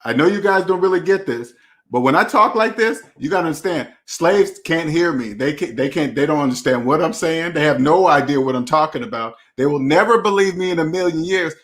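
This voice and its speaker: Guy ranting about money to camera, slangy and blunt, says stuff twice, voice sits kinda high. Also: expressive, fairly quick, fairly bright tone. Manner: emphatic and preachy, repeats key phrases; blunt, slangy street talk. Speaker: personal finance channel host. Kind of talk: casual monologue to camera.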